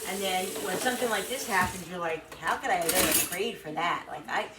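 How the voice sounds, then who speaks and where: This middle-aged woman vlogger talks briskly in a lowish voice, recounting a personal story emotionally and with a lot of rambling and repetition. The audio is noisy and roomy, recorded from a distance.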